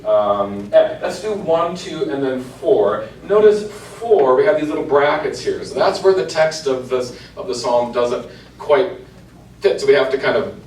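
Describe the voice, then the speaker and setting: A man's voice: medium pitch, expressive, unhurried, a little mellow, recorded from a distance. A man, a church cantor, giving an informal lecture to an adult class and chanting example lines in rhythm. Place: church meeting room. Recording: echoey room, voice from afar, faint hiss.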